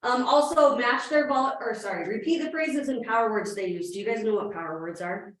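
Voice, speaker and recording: Energetic woman trainer, slightly high voice, caught from a distance in a very echoey room. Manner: fast-talking, energetic, asks the room questions. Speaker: real estate trainer. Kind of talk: live training presentation. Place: meeting room with audience.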